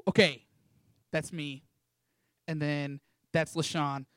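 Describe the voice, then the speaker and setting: A young man tells a story to an audience in an animated, playful way, switching into the voices of the people he describes. His voice sits slightly high for a man. The sound is dry and close, with little room reflection. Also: takes it slowly, clean tone, dry recording. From Texas. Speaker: ministry school student sharing a testimony.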